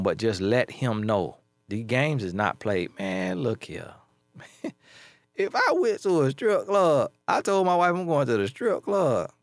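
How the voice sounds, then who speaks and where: A man's voice: a little high, no echo, clean studio sound. A man who works as a life coach, talking casually and bluntly, hammering points home by repeating them. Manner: emphatic, repeats key phrases, blunt street-talk advice. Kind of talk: casual advice commentary.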